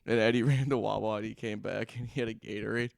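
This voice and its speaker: A man's voice: on the low side, fast, creaky, dry recording, clean studio sound. A young man co-hosting a podcast, telling stories in a casual chat, laughing often and swearing freely. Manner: laughs through his stories, profane and animated. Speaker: podcast co-host. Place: podcast studio. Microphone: studio microphone.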